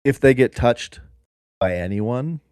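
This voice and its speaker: A man co-hosting a comedy podcast, rambling through an absurd improvised story in a deadpan way. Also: mid-range voice, slow pace, smooth, dry recording, clean studio sound. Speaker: podcast co-host.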